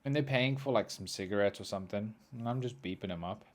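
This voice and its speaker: A young man hosting a podcast, telling stories in an animated, swearing, ranting way. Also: lowish voice, fast talker. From South Africa. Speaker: podcast host. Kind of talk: storytelling monologue.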